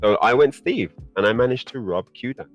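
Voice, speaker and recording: A man guest on a podcast, telling a story in a casual, animated way and laughing often. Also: moderate pace, faint music behind. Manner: animated, laughing, rising pitch when excited.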